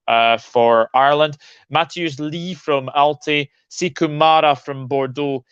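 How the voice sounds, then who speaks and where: A man's voice: on the high side, a bit bright, clean tone, no echo, muffled recording. Chatty man hosting a football stream. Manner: chatty and opinionated, addresses viewers by name. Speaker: football channel host. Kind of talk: casual livestream commentary reading chat.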